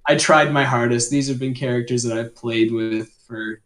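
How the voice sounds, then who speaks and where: A young man co-hosting a casual podcast, laughing often as he runs through quick grunts and death-cry impressions. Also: mid-range voice, fairly even intonation, crowd noise. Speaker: podcast co-host. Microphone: home microphone.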